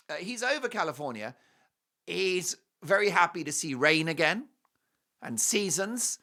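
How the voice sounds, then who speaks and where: A middle-aged British man delivering a talk show monologue, his voice swinging widely in pitch as he mocks and jokes. His tone is bright and forceful, and he leans into punchy asides and sudden emphasis. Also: normal speed. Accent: British English. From Britain. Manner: animated, mocking, jokey asides.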